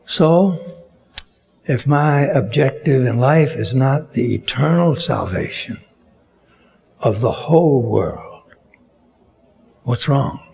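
A man preaching a sermon slowly and deliberately, rising to emphatic peaks on key words. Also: medium pitch, animated, gravelly, a little mellow, slightly rough.

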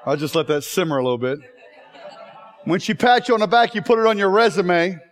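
A man preaching in a chapel, joking and then growing emotional and loud. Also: sits high, expressive, a little fast. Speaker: chapel speaker. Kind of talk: humorous sermon.

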